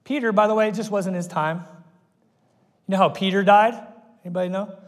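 A man preaching to his congregation, his voice sitting a little high as he tells the stories with lively energy. He slips into the voices of the people he quotes. His words ring out with the long reverb of a church hall. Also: a little fast. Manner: animated storytelling, acts out quoted voices. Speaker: pastor. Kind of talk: sermon. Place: church auditorium.

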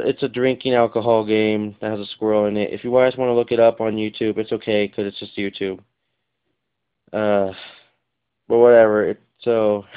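A man talks through his game collection in a loose, rambling way, full of fillers and little apologies. His voice is smooth and of middling pitch. The home camera audio sounds dull and lo-fi. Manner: rambling, apologetic, many fillers and self-corrections. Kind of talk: casual video-game collection vlog.

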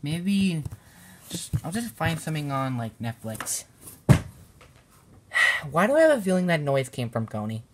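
A man's voice: a little high, sing-song, unhurried, pauses often, noisy background. A man acting a home-made skit in a casual, mumbling way, with frequent sighs.

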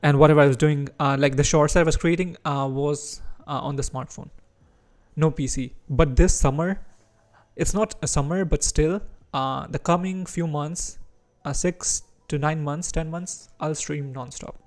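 A man's voice: fairly high pitch, fairly even intonation, normal speed, darkish tone. A man from India with an Indian English accent mixed with American and British touches, chatting casually while streaming chess and reacting to his moves.

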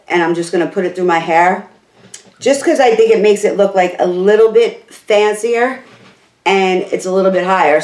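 A chatty beauty vlogger, a woman with a lowish, slightly worn voice, talks through a hair tutorial in an easygoing, rambling way. Her words bounce around a roomy, echoey room. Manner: chatty, rambling, full of "like" and "literally". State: losing her voice.

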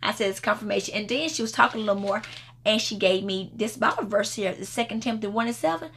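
A woman's voice: mid-range voice, fast talker, fairly bright tone, slight background noise. A woman minister speaking informally in a devotional prayer video, telling a rambling story with many restarts and bursts of laughter.

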